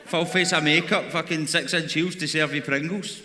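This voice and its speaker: A Glaswegian stand-up comedian with a slightly high voice, swearing freely and bantering with the audience. His voice rings through a big, echoey arena with a long reverb tail. Crowd noise is heard clearly behind him. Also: fairly even intonation, moderate pace. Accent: Scottish, Glaswegian. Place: large arena on stage.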